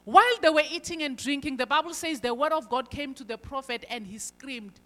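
A woman preaching a sermon, emphatic, moving between loud stressed lines and quiet asides. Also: high voice, expressive, a little fast. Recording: long hall reverb.

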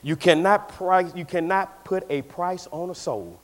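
A man preaching a sermon as pastor in a church, swinging between shouted lines and hushed asides. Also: sits high, unhurried.

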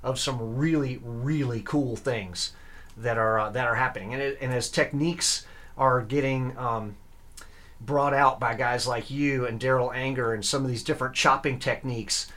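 A man's voice: medium pitch, steady tone, normal speed, a bit bright. Enthusiastic young man explaining eagerly. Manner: earnest, enthusiastic, with fillers and restarts. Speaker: guest, electric violinist and grad student. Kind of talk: casual interview talk.

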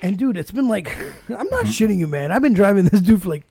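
A man's voice: high voice, fairly quick, creaky, slightly rough. A man co-hosting a podcast, telling funny stories in casual chat with lots of swearing. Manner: animated storytelling, heavy swearing. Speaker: podcast co-host.

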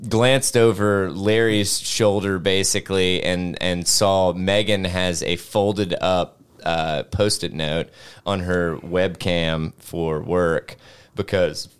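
A man's voice: sits low, steady tone, slow pace, clear, resonant tone. A man co-hosting a podcast in casual chat, rambling and swearing freely with self-deprecating asides. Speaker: podcast co-host.

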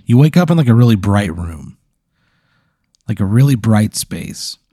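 Podcast host, man, warm low-key voice, rambling improv storytelling, dry mic. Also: big pitch swings, a little slow, no room sound. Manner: meandering, lots of "like", throat clearing.

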